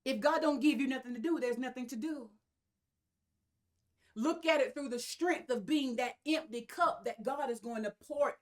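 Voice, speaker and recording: Woman, preacher, sermon, fairly high voice, emphatic, repeats phrases, asides to congregation.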